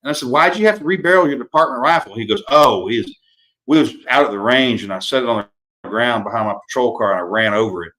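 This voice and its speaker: A man's voice: mid-range voice, fast, sharp tone. A man hosting a casual live-stream chat, telling folksy stories and swearing freely. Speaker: podcast host and author.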